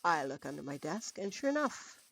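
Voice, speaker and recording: A woman's voice: low-pitched, sing-song, moderate pace. A woman streaming a game who chats casually and thinks aloud as she sorts through items. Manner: chatty, thinking aloud while sorting items. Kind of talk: casual gameplay commentary. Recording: loud background noise.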